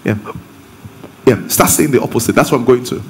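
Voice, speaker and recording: A man's voice: medium pitch, fairly quick, a little hiss or hum. A man with a Nigerian accent, a pastor giving an interactive sermon that climbs into emphatic preaching. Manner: lively, rising to emphatic preaching.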